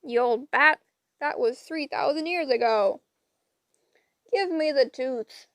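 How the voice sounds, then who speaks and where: A greedy, bickering old hag, played by a woman reading a storybook. Her voice is shrill and high, and she snaps and squabbles slowly in a dry, close sound. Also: a bit bright, dry recording. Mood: quarrelsome. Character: grabby blind old gray sister, quarrelsome.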